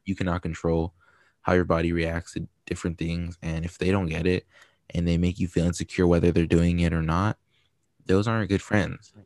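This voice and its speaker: A man's voice: low-pitched, little pitch movement, moderate pace, a little mellow, no echo, clean studio sound. A man co-hosting a podcast, giving frank, supportive advice in casual chat full of fillers. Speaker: podcast co-host.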